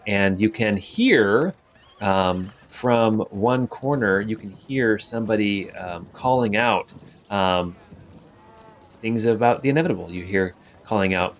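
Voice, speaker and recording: A man narrating a tabletop game as game master, relaxed, with many fillers. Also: on the low side, a little slow.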